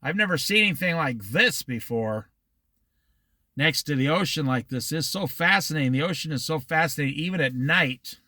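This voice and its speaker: A man with a fairly high, bright voice leads a casual Bible study, his pitch rising and falling a lot. He talks in a folksy, rambling way and drifts into side stories. The sound is dry, with little room around it. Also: expressive, normal speed, no room sound. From Iowa. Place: outdoors by the ocean near a dock at dusk.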